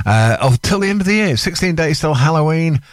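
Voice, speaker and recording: A man's voice: on the high side, animated, fairly quick, no echo. A man presenting a radio show, chatting casually between tracks with rambling asides and self-mocking humour. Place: radio studio.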